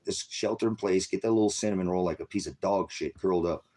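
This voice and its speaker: Middle-aged man streaming a furious, swearing rant; low, husky voice that flares into shouts. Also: quick pace. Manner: profane, agitated, shouting bursts. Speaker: online streamer. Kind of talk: angry ranting monologue.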